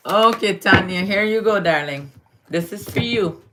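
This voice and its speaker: Slow, affectionate woman doing live readings. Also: mid-range voice, background noise. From Guyana. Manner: affectionate, calls viewers darling, slow and drawn-out. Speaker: astrology reader on a live stream. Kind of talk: live-stream reading to viewers.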